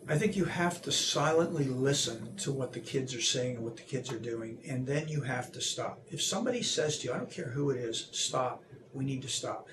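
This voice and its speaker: Animated man acting out quotes. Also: mid-range voice, moderate pace, noisy background. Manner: animated, acts out quoted voices, frequent restarts. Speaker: anti-bullying seminar speaker. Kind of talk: interview.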